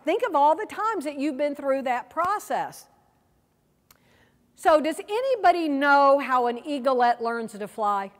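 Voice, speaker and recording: A woman with a high voice leads a workshop, quizzing her audience in a lively, engaging way. Her voice carries a long reverb from a large room. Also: unhurried. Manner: lively, asks the audience questions. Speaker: seminar presenter. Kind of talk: teaching a workshop.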